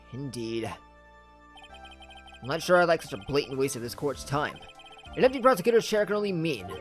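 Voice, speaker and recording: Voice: mid-range voice, natural voice. A let's-play host reading the lines of a pompous, easily flustered old male judge in a game.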